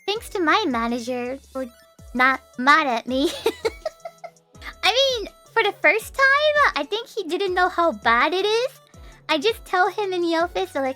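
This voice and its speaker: A woman's voice: high voice, normal speed, faint music behind. A young woman, telling stories in casual chat, giggling often and acting out what people said. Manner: giggly and animated, acting out quotes. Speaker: streamer.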